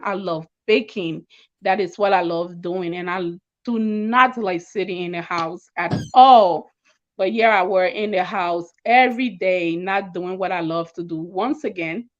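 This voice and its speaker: Give me an earnest young woman giving a personal testimony in an interview, recorded on slightly dull audio. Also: mid-range voice. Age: young adult. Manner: earnest, emotional storytelling with stammers and repeated words. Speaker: guest sharing her cancer story.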